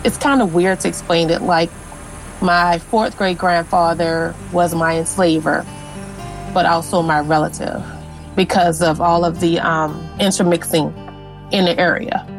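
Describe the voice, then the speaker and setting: A woman's voice: lowish voice, fairly even intonation, measured pace, music in the background. A woman sharing her family's history in an interview, earnest and reflective, with frequent "um" and "like". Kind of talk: personal storytelling in an interview.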